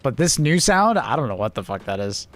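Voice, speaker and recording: A man's voice: medium pitch, sing-song, a little fast, fairly bright tone, a little hiss or hum. A young man streaming a game in casual chat, laid-back, swearing freely and chuckling often.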